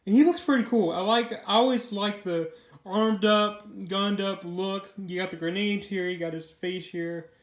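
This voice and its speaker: Casting note: young male comic reviewer, chatty and rambling, high-pitched, roomy echo. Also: normal speed. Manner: rambling, filler-heavy, repeats words. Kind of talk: casual video review. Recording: echoey room.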